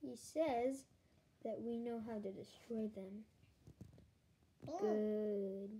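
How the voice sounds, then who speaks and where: A woman voicing a sinister, scheming villain in a low, hushed, menacing voice for a homemade toy story. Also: drawn-out words, very noisy.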